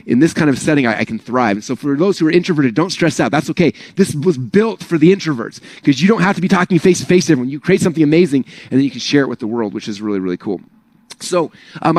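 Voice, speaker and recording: A man talks quickly and loosely, a little higher than most men, in a motivational pep talk peppered with "like" and "right?". The sound is close and dry, with no room around it. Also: a little mellow, no echo. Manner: casual, rambling, full of "like" and "right?". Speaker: speaker at an online business training.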